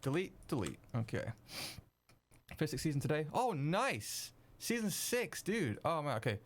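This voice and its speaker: A young man streaming while he edits video, chatting casually with viewers, excitable and swearing freely. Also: fairly high pitch, unhurried. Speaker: streamer editing video live. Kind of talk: casual live-stream chat.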